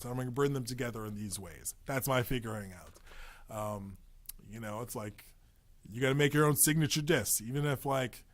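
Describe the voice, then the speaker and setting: A man hosting a podcast in a loose, rambling monologue with profane, joking asides. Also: medium pitch. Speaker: podcast host.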